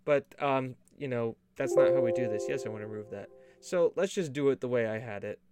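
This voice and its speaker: A man's voice: medium pitch, fairly quick. A man co-hosting a gaming podcast in casual, joking chat, rambling and full of puns. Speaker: podcast co-host running the stream.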